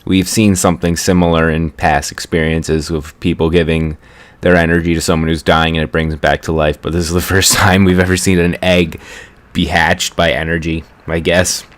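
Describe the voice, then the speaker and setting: A man's voice: low-pitched, little pitch movement, normal speed. A young man giving a rambling, chatty recap of a cartoon episode, correcting himself as he goes. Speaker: anime reviewer.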